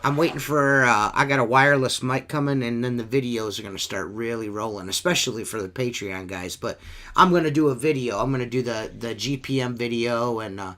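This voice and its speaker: A man's voice: mid-range voice, a little fast, sharp tone. A middle-aged man hosting a podcast, chatting casually in a loose, rambling way and swearing often. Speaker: podcast host. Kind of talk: casual profane podcast chat.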